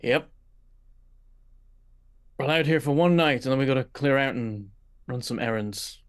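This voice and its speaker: A man playing his character in a tabletop role-playing game in a relaxed, low-key way. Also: normal speed, clear, resonant tone, no echo, studio quality. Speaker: player.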